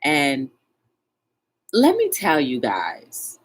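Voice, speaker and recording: A woman hosting a casual livestream talk show, greeting her viewers one by one in a chatty, animated way. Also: sits low, very slow, slight background noise.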